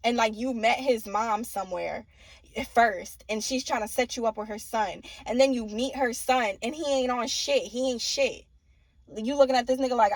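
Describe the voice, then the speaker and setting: A woman's voice: a little high, moderate pace, no echo. A young woman giving a casual tarot reading, blunt and profane, often laughing and mimicking people. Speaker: tarot reader.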